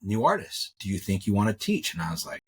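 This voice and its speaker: A man's voice: lowish voice, big pitch swings, fast, a little hiss or hum. A middle-aged man, a jewelry maker, telling his story in a rambling, casual way, repeating words and acting out what others said. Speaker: interview guest, metalsmith.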